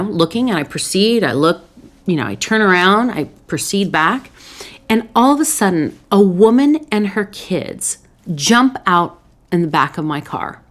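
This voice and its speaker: A woman's voice: mid-range voice, a bit bright. Earnest woman host giving advice. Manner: earnest, anecdotal, with restarts. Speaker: psychologist host. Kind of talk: solo advice talk.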